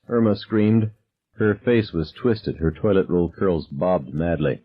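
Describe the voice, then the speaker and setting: A man reading a novel aloud as narrator, calm and measured, dropping low on dialogue tags. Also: dull audio. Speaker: audiobook narrator. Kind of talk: scripted narration.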